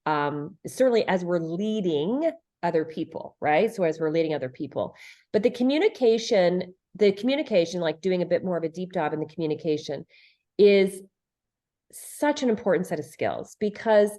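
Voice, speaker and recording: Speaking as a podcast guest in a conversational interview, a middle-aged leadership and relationship expert comes across as earnest and emphatic. Her fairly low, mellow voice is animated and moves at a moderate pace. She repeats phrases for stress and acts out quoted lines.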